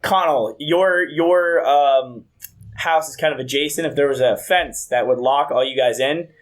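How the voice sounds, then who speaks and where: A man's voice: a little high, unhurried. A young man in his twenties co-hosting a podcast, telling a rambling, profane story in casual chat. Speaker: podcast co-host.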